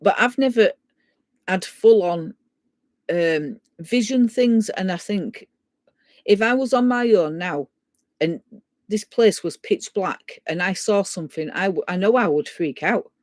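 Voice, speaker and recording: A woman telling a ghost story in a casual, animated way, often restarting her sentences. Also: mid-range voice, a little slow, dry recording. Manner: animated, stumbling restarts, chatty. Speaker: guest sharing a ghost story.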